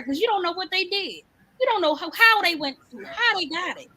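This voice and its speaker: A woman's voice: very high-pitched, expressive, a little fast, bright, forceful tone. A woman, co-hosting a podcast and making emphatic points in casual talk.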